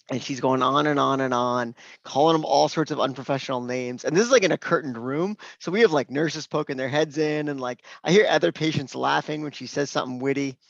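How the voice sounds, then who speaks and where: A man, a physician, telling a story at an open mic in an animated way, acting out the dialogue. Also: medium pitch, vocal fry, dry recording. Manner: animated, acts out quoted dialogue. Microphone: video call. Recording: dull, dry virtual-call audio.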